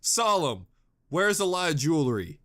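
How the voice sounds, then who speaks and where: A man hosting a reaction video, chatting casually and goofily, jumping between low mutters and excited yells. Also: moderate pace. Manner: goofy, exclamatory, jumps between mutters and yells.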